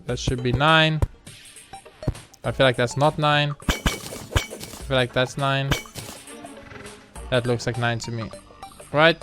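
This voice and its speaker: A man's voice: mid-range voice, steady tone, slow, pauses often. A young man commentating his gameplay in a casual, sarcastic, mock-boastful way, swearing freely. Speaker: let's play host. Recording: game music playing behind. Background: game music.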